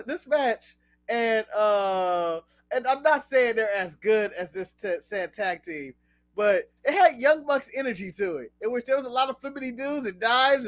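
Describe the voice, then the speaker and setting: High-voiced excitable American man. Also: no echo. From United States. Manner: excitable, laughs often, does goofy voices. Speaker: co-host. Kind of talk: casual wrestling recap chat.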